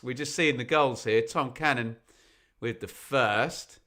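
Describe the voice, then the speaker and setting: A man hosts a live football stream with a bright, forceful tone. He chats and jokes casually, breaking into quick bits of song while reading out messages, his voice at a medium pitch through a desk mic. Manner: chatty, jokey, bursts into snatches of song. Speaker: football watch-along host.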